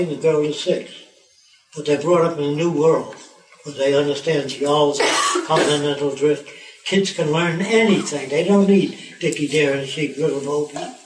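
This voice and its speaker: An elderly man over ninety giving a rambling, animated talk to visitors as a tour guide. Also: on the high side, reverberant, far from the mic, slight background noise, rough recording.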